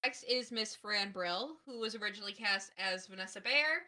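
A woman co-hosting a podcast in casual chat, joking in a playful, deadpan way. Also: medium pitch, normal speed. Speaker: podcast co-host.

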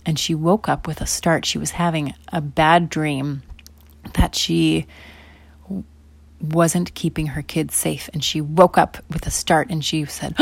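A woman telling a children's bedtime story in a lowish voice. She swings from loud, eager emphasis into soft whispers. The sound is dry and close. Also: steady tone, normal speed, gravelly, husky, dry recording.

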